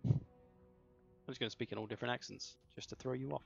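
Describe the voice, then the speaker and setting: Gravelly streamer, joking. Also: male voice, medium pitch, steady tone, quick pace, long pauses. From southern England. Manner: joking, chatty, self-mocking. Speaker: streamer hosting a game tournament. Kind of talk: casual livestream chat. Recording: slightly dull lo-fi mic, faint music.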